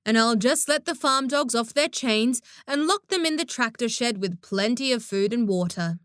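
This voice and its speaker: A woman's voice: a little high, normal speed, dry recording, clean studio sound. A woman voicing a thoughtful farm father making practical plans for the animals. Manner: calm, practical.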